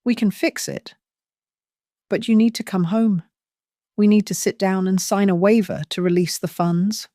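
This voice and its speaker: A narrator voicing a manipulative middle-aged husband who talks in a cloying, condescending, soothing way. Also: male voice, high voice, measured pace, pauses often, a little mellow, dry recording, clean studio sound. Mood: urgent.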